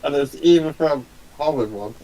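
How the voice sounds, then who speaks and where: A man's voice: a little high, fairly quick, dark tone, low-quality recording. A man from Britain co-hosting a podcast, chatting in an easygoing way and laughing between remarks. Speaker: podcast co-host. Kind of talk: casual chat.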